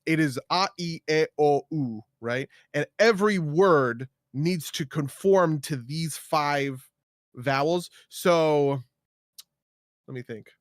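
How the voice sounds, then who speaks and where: A man's voice: fairly high pitch, takes it slowly, no room sound, studio quality. A man co-hosting a casual podcast, rambling with many fillers and tagging his points with "right?". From United States. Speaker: podcast co-host. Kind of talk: casual chat.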